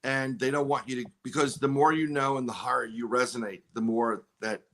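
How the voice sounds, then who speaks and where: A man's voice: medium pitch, steady tone, brisk, a bit bright. A man with a mid-range voice, talking as a podcast guest in a casual, rambling way. He restarts his sentences and slips into quoted dialogue as he tells his story.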